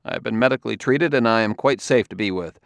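A man's voice: lowish voice, quick pace, gravelly, dry recording. A man doing a clipped, insistent detective. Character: determined Earthman detective, man.

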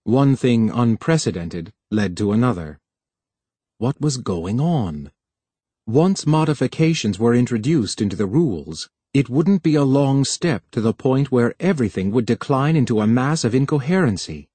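Brief: male audiobook narrator, measured and even, dry close recording. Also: medium pitch, husky, dry recording.

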